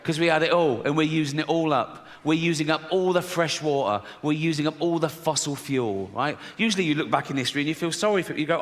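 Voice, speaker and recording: A middle-aged man with an English accent doing stand-up comedy, deadpan and conversational, laughing at his own jokes. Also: fairly high pitch, fast talker, few pauses. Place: large theatre stage. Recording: stage mic in a big hall with audience noise.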